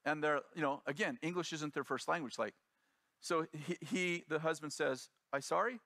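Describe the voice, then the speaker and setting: Animated man preaching a story. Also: a little high, moderate pace, no room sound, studio quality. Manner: animated storyteller acting out quoted voices. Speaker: pastor. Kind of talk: sermon storytelling.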